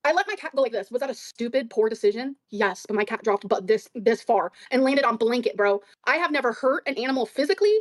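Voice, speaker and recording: A woman telling a story on a streamed show, rapid, profane and defensive. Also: a little high, animated, dry recording. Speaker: guest on a stream. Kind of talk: casual storytelling in a stream clip.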